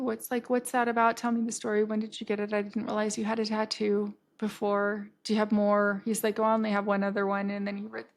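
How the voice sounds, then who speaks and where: Animated storytelling woman with a gravelly edge. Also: fairly high pitch. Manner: animated, swears freely, acts out quoted dialogue. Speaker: podcast host. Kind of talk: casual storytelling monologue.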